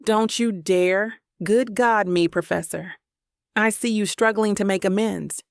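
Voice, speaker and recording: A woman voicing a sharp-tongued young woman romance author with a Southern accent, snapping sarcastic retorts. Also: medium pitch, a little slow, vocal fry, dry recording, clean studio sound. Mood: angry.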